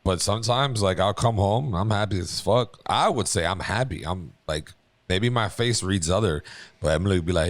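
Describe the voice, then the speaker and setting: Deep-voiced man, dry close mic. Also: normal speed, dry recording. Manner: animated storyteller, swears, acts out dialogue. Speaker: podcast co-host. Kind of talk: casual podcast chat.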